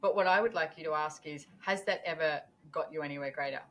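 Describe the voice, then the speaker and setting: A woman talking as a podcast guest in a casual, animated way, acting out her own thoughts as she goes. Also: low voice, fast talker, slight background noise. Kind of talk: casual conversational interview.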